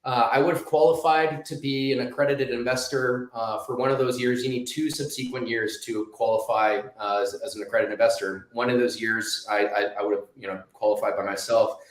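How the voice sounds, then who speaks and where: A man in his thirties chats as an interview guest, circling through his story with restarts, fillers and a middling pitch. His voice carries the echo of a roomy space, as if he's on a remote call. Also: steady tone, a little fast, few pauses. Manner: rambling, many restarts and fillers.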